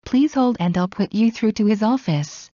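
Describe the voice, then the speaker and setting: A woman slowly reading everyday English phrases one at a time for learners. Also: medium pitch, lively intonation, dark tone, no room sound, lo-fi sound. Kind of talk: slow scripted phrase reading.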